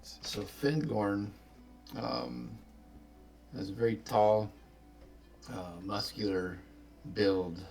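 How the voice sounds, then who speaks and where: A man describing his character as a tabletop game player, unhurried and filler-heavy. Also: on the low side, lively intonation, gravelly, darkish tone, faint music behind.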